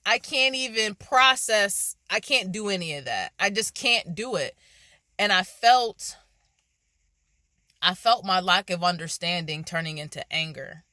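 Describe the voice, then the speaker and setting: A woman vlogger telling a personal faith story in casual, animated speech, acting out her own reactions. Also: medium pitch, measured pace, no room sound.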